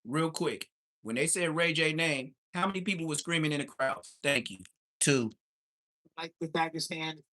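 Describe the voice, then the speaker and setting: A man's voice: fairly high pitch, moderate pace, sharp tone, rough recording. A man reacting on a live stream with blunt, profane banter in casual chat.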